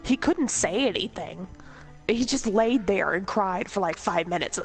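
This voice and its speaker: A woman's voice: medium pitch, expressive, unhurried, faint music behind. A woman telling comedic stories in a casual, rambling way, laughing often and swearing freely. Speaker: storyteller host.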